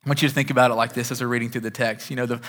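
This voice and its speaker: Bright-voiced male pastor in a reverberant hall. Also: mid-range voice, flat delivery, very fast. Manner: conversational, with frequent repeated starts. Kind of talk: sermon. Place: church sanctuary. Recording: long reverb of a large hall.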